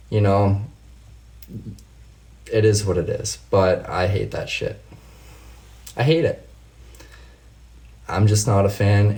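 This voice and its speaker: A man's voice: low-pitched, dark tone. A man hosting a casual livestream, answering viewers' comments by name and launching into heated, profane rants. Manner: talks straight to viewers by name. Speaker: livestream host.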